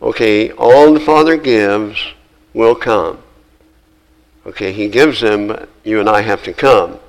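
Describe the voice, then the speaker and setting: A man preaching a sermon, earnest and emphatic, repeating phrases and slowing down to stress key words. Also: on the low side, rough recording.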